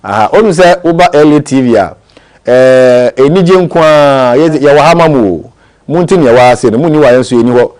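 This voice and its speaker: A man's voice: medium pitch, fairly quick, a little mellow. A man hosting a TV morning show, talking conversationally.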